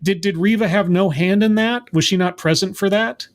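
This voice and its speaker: A man's voice: high voice, moderate pace. A man giving a sarcastic, exasperated episode recap as a show reviewer, rambling and mocking.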